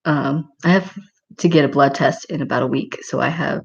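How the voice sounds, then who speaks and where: A woman with a low voice chats on a livestream, rambling and breaking into giggles. She fills her talk with "like" and "um". The sound is muffled and lo-fi. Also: moderate pace, vocal fry, husky. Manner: rambling and giggly, many filler words. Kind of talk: casual livestream chat reading comments.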